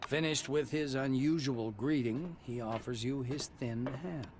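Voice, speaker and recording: A man giving scripted narration for a game in an even, descriptive way. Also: medium pitch, measured pace, background noise.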